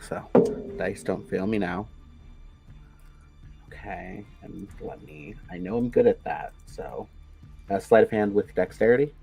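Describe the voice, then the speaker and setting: A man's voice: fairly low pitch, big pitch swings, measured pace, gravelly, pauses often, warm tone, husky, faint music behind. A man playing a tabletop role-playing game, chatting casually and thinking aloud with hesitations. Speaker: player.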